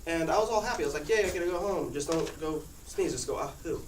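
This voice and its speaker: A teenage boy tells his classmates a loose, casual story about himself, his fairly high male voice moving fast and punctuated by frequent laughs. A distant mic in a reverberant room leaves the recording noisy.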